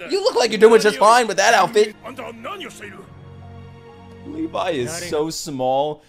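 A young man commenting on an anime episode as he watches it, often shouting, laughing and swearing. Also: high-pitched, slow pace, faint music behind. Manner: loud excited outbursts and laughter, swearing. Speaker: anime reaction YouTuber. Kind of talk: excited reaction commentary.

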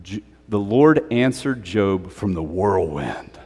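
A male pastor preaching a sermon in a conversational, animated way, with playful asides. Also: deep voice, slow pace, slightly rough, in a large hall. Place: church sanctuary.

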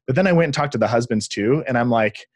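A man's voice: medium pitch, lively intonation, quick pace, dry recording. Enthusiastic man telling stories, dry sound. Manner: enthusiastic, acts out quoted speech. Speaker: guest, relationship researcher. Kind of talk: conversational storytelling.

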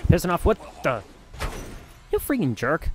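A man from Michigan giving excitable, mildly profane commentary while live streaming a video game. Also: a little high, normal speed, faint music behind. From Michigan, USA. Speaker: gaming streamer. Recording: game noise underneath. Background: game sounds.

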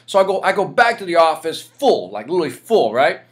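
Brief: man in his forties, radio interview guest, energetic storyteller, voice swings up and down a lot. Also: fairly high pitch, fairly quick. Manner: animated, energetic storyteller peppering "right?" and "you know". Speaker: interview guest, sales speaker.

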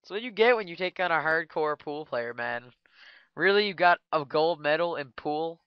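A man trash-talks his way through a game in loose, crude commentary, breaking into sudden excited yelps. His voice is smooth and clear but sits very close and dry, with a slightly dull, lo-fi sound to the recording. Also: a little high, moderate pace, no echo. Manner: crude, joking trash talk with excitable outbursts. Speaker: gaming channel host. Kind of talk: casual gameplay commentary.

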